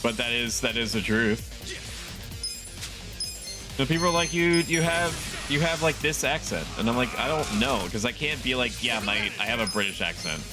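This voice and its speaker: A young man chats his way through a game stream, rambling and poking fun at himself with chuckling asides. His voice sits at an ordinary middle pitch. Game music plays clearly behind him. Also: moderate pace. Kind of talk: casual gaming stream commentary.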